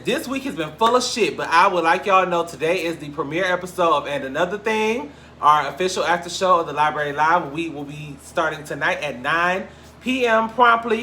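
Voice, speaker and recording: A young man from Cleveland hosting a casual gossip show, talking in a lively, profane way with big swings between loud and quiet. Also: on the high side, a little hiss or hum. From Cleveland, Ohio. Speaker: podcast host. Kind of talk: casual celebrity gossip chat.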